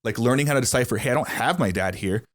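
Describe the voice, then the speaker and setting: A young man hosting a casual podcast chat, quick and agreeable. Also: medium pitch. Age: young adult. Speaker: podcast host.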